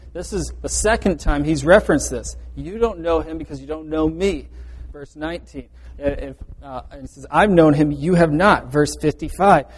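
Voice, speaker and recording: Man, pastor, sermon, earnest, repeats words, slightly high voice, echoing church hall. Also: a little mellow, slightly rough. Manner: earnest, restarts phrases, stresses quoted verses. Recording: reverberant hall.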